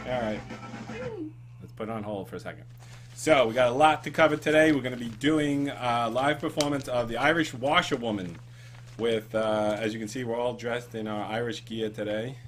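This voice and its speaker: A man's voice: mid-range voice, normal speed, music in the background. Rambling jokey New man hosting. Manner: rambling, jokey, with frequent ums and laughs. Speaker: show host. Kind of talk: casual comedic chat show.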